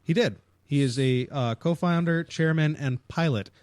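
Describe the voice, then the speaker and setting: A man's voice: fairly high pitch, moderate pace, a little mellow, smooth, no room sound. A man co-hosting a casual podcast, explaining things with frequent restarts and hesitations. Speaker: podcast co-host. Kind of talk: casual chat.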